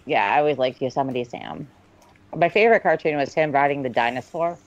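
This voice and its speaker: A man's voice: medium pitch, fairly quick, dull audio. A man co-hosting a movie commentary podcast in laid-back, casual chat. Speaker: podcast co-host.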